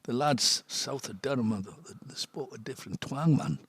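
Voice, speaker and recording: An older man with a North East English accent chats through his memories as a guest, laughing easily and sinking to a near whisper when he gets serious. His voice is husky and breathy. The sound is dry and close, with no room echo. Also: medium pitch, normal speed, fairly bright tone. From Sunderland, England. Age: 70s. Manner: chatty, laughs often, drops to a near whisper on serious points. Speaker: missionary priest, guest. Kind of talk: casual storytelling chat.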